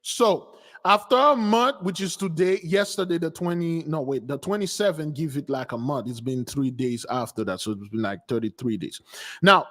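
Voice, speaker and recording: High-voiced guy preaching over news clips, fired up, kinda reverby. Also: normal speed. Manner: animated, preachy, addresses listeners as beloved. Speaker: online preacher.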